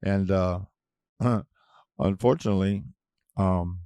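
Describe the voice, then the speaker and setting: A man hosting his own show, ranting in a casual monologue, blunt and profane with sudden loud outbursts. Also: low-pitched, fairly even intonation, measured pace, vocal fry, no room sound, clean studio sound. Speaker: podcast host.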